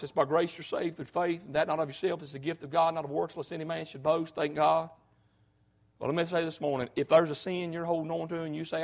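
A man preaching a sermon, fervent and folksy, often breaking in with "hey". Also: a little high.

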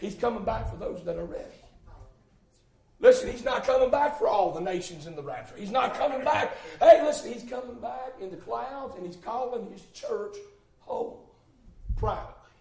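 A man preaching, his voice sitting very high for a man. He drives his points with repeated phrases and breaks into loud shouts. The sound rings around a roomy church hall. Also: expressive, normal speed, creaky. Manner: fervent, shouting bursts, rhythmic repetition. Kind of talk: sermon.

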